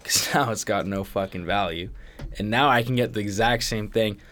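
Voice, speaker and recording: A man's voice: lowish voice, normal speed, fairly bright tone. A man co-hosting a casual podcast, telling stories animatedly and swearing a lot. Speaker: podcast co-host. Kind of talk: casual chat.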